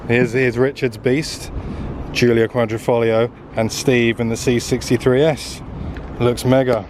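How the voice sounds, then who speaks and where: A man's voice: medium pitch, level tone, unhurried. A young man hosting a road trip vlog, chatting and joking with friends. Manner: jokey, laughs often, banters with friends. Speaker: vlogger host. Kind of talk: casual road trip chat. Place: inside a car on the road. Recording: car and road noise behind.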